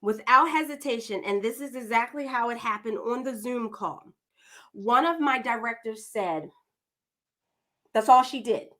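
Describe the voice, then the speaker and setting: Slow-talking chatty woman podcast host. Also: on the high side, a bit bright. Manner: chatty, digressive, addresses listeners as "y'all". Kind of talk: warm, chatty podcast introduction.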